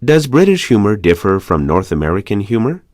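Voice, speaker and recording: A man reading English practice questions one by one for a language course, measured and clear. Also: lowish voice, big pitch swings, darkish tone, no room sound, studio quality.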